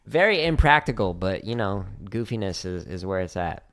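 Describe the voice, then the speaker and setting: Streaming practice from his drum studio at home, this drumming teacher answers questions in a casual livestream, covering rudiments between runs with easy laughter. He has a low voice and a moderate pace, staying relaxed, laughing a lot, and humming drum patterns.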